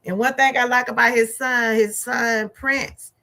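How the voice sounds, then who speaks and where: A middle-aged woman, reviewing a movie in a chatty, animated way. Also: a little high, a little slow, creaky. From Georgia, USA. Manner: animated, chatty storytelling with laughs and asides. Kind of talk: casual chat.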